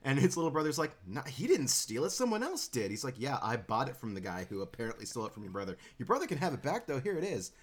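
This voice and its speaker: A man's voice: mid-range voice, very animated, fast talker, hardly any pauses, slightly rough. A man in casual chat recapping a film, rambling a bit, laughing and acting out quoted lines.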